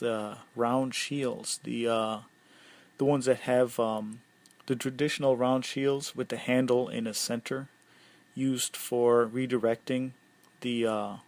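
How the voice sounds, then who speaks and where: A man narrating a tabletop game as game master, halting and full of ums and uhs. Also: medium pitch, darkish tone.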